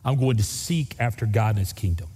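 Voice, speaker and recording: A man preaches with a folksy, storytelling manner, hammering his points home by repeating them. His voice is mellow and a little husky. The sound carries the long reverb of a church sanctuary. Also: lowish voice, brisk. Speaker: pastor. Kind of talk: sermon.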